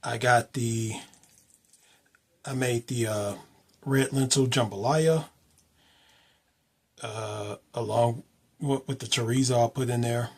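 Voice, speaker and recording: Slow, husky man vlogging. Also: mid-range voice. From United States. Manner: joking, counts reps aloud. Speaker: fitness vlogger. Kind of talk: casual workout vlog.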